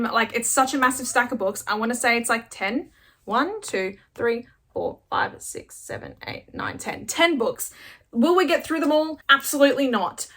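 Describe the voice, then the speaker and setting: Here an Australian woman hosts a casual book vlog, speaking to camera in a medium-pitched, bright and forceful voice. Her delivery is chatty and gushing, full of "likes."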